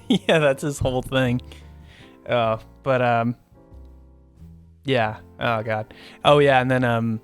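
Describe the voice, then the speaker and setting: A man's voice: medium pitch, fairly even intonation, slow pace, pauses often, smooth, soft background music. A man co-hosting a casual movie review podcast. He laughs often and rambles, circling back with plenty of fillers. The talk stays easygoing and conversational. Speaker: podcast co-host.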